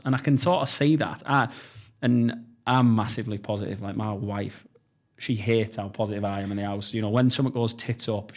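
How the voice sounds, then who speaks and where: A man in his thirties with a North East English accent, a podcast guest telling his story bluntly and enthusiastically, swearing freely. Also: lowish voice. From North East England. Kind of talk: casual storytelling interview.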